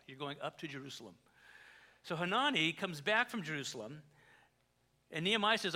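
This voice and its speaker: A pastor delivers a sermon in a chatty style, tossing in jokes and swinging sharply between soft and loud. His voice sits a little high.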